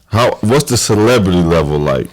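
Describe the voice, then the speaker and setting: Male podcast host, very deep voice, casual, pushes with follow-up questions. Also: expressive, moderate pace, rough recording. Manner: probing, follows up with direct questions.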